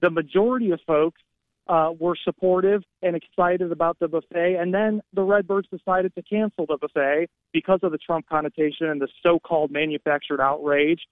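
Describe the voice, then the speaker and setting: Calling into a talk radio show over a tinny phone line, a political strategist speaks confidently and combatively. His voice is fairly high and steady, his pace fairly quick, and the recording dry.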